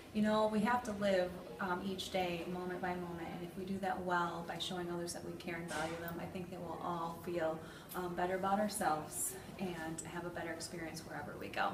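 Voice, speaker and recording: Low-voiced woman, distant and echoey. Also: fairly even intonation, fairly quick. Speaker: school staff presenter. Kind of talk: school announcement. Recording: distant mic, echoey room, background noise.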